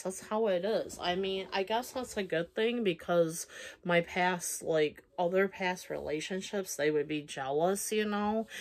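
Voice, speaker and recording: A young woman vlogger telling a personal story in a casual, rambling way, full of fillers and restarts. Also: on the low side.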